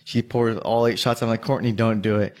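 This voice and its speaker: A man's voice: fairly low pitch, steady tone, brisk, darkish tone. A young man telling a long drinking story in casual chat, rambling, swearing and laughing as he goes.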